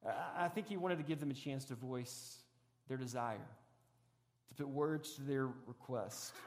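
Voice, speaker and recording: A man preaching a sermon as a pastor, moving between raised preaching and soft, hushed reflection. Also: sits high. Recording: long hall reverb.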